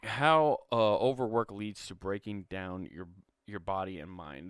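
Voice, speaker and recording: A man's voice: on the low side, unhurried, smooth, no echo, studio quality. A man hosting a comedic solo podcast, reading an article aloud and breaking off into irreverent, profane asides.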